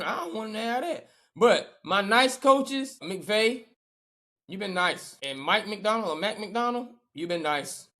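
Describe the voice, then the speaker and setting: A man co-hosting a sports podcast in casual chat, animated and emphatic, repeating phrases for effect. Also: high-pitched. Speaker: podcast co-host.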